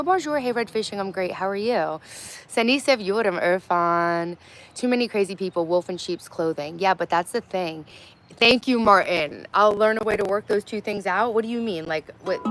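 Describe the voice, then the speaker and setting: A woman in her thirties hosting a casual livestream, chatting bluntly with viewers, reading their comments aloud and swearing freely. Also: medium pitch. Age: 30s. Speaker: livestream host. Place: outdoors in her garden.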